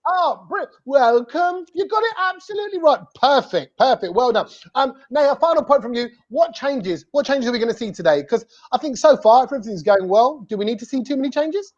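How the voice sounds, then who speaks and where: A host running a live cricket fan show over a video call, playful and teasing, firing quick questions at guests. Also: sits high, lively intonation. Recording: dull lo-fi audio.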